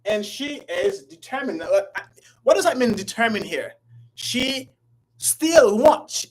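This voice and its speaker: Very animated, with a mid-range, breathy-edged voice, this English teacher leads a live grammar lesson online, repeating and stretching phrases and addressing viewers by name, all in poor audio.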